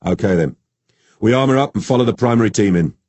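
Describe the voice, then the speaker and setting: A calm male detective with a Geordie accent, steady and quietly amused, as a man reads him. The voice is deep and husky. The sound is close and dry. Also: fast, no echo.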